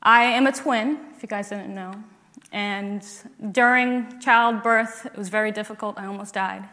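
Slow, earnest woman giving testimony. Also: mid-range voice, fairly even intonation, bright, forceful tone, long reverb tail. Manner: earnest, building to emphatic declarations. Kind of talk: personal faith testimony.

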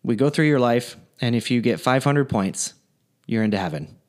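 A man's voice: medium pitch, expressive, moderate pace, a little mellow, natural voice. A man lightly puts on the voice of Saint Peter at the pearly gates, an easygoing gatekeeper who hands out scores in an offhand, matter-of-fact way. The voice sits in an ordinary male middle register and stays casual throughout. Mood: breezy. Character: Saint Peter at heaven's gate, breezy gatekeeper.

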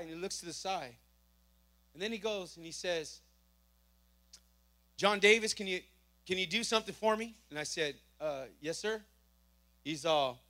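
A man giving a church testimony, telling his story with lively acted-out dialogue. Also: sits high. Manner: animated storytelling, acting out dialogue. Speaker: testimony speaker.

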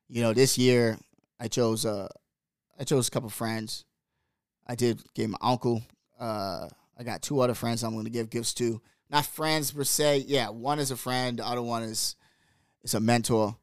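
A man hosting a show, talking casually and emotionally, pausing and choking up, close to tears. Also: mid-range voice, clear, resonant tone, no echo. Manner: casual, slangy, halting and emotional. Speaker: host. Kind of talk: emotional personal talk.

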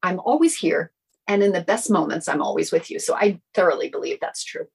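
A woman's voice: lowish voice, fairly quick, vocal fry, slightly rough, low-quality recording. A middle-aged woman telling a personal story in a casual interview, acting out the lines of the people in it. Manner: animated, acts out quoted dialogue. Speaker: guest sharing a personal story.

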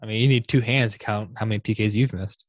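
Animated young man on a podcast. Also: fairly low pitch, a little hiss or hum. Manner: animated, laughing, fast bursts when excited. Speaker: podcast host. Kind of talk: casual sports chat.

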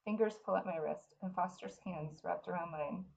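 A woman reading a fantasy novel aloud in the first person, in an earnest, unhurried way. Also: on the low side, vocal fry, a little mellow, muffled recording. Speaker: reader.

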